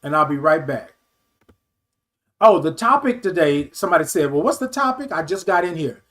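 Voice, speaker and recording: A man in his fifties hosting a casual livestream talk show, reading viewer comments aloud and answering them in an animated, affectionate way. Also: fairly high pitch, moderate pace. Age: 50s. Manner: animated, affectionate, calls viewers baby and y'all.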